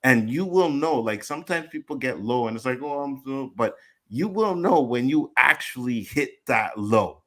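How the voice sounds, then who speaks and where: A man's voice: mid-range voice, animated, normal speed. A man co-hosting a casual panel talk show, talking loosely with frequent "you know what I mean" and occasional swearing, laughing easily.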